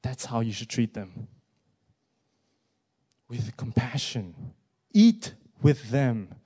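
A man preaching a sermon, asking many rhetorical questions and moving between hushed words and loud rising emphasis. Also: mid-range voice, sing-song, slow pace, breathy edge.

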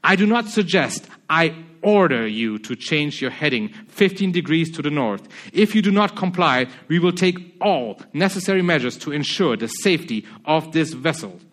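A man reading the part of a pompous American navy captain in his normal voice, loud and commanding, within a sermon. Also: a little high, expressive, normal speed, hardly any pauses. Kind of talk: reading a story aloud in a sermon.

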